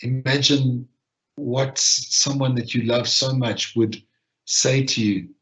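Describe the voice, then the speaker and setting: Slow, gentle man leading a reflection. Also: medium pitch, steady tone. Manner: gentle, unhurried, with long pauses. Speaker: session leader. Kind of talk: guided reflection and breathing practice. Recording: dull lo-fi online audio.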